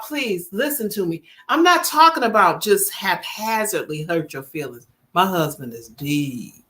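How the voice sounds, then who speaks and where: A vlogger in her 50s chats to the camera in a bright, forceful, medium-pitched voice, telling casual stories. She's emphatic, repeats her points, and acts out the voices of family members.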